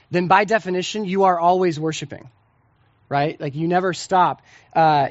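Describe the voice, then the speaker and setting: A man's voice: a little high, no room sound, lo-fi sound. A young man preaching a sermon as a pastor, talking to the congregation in a casual, conversational way with lots of asides and checking questions.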